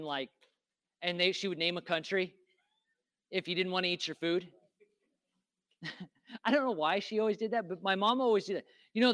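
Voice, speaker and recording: Guy with a pretty high voice preaching, chatty, keeps repeating stuff for emphasis and throwing out questions. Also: a bit bright. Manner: emphatic, repeats phrases for stress; conversational with asides and rhetorical questions. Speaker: pastor. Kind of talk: sermon.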